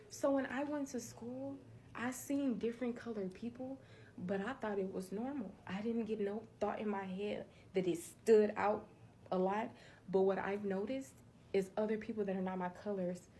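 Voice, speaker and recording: A woman's voice: on the high side, mellow, a little hiss or hum. A woman speaking her mind in an earnest, conversational monologue, preachy at times, like a social media creator talking to her followers. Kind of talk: candid monologue to camera.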